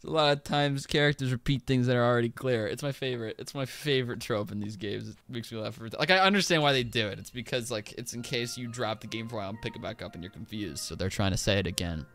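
A man streaming a video game, giving excitable, joking commentary as he plays. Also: medium pitch, fast talker, few pauses. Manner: excitable, exclaims and jokes to himself. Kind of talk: live gameplay commentary.

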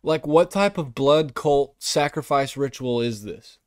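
A man's voice: medium pitch, unhurried, dry recording, clean studio sound. A man hosting a podcast, delivering a profane, mocking comedic rant. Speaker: podcast host.

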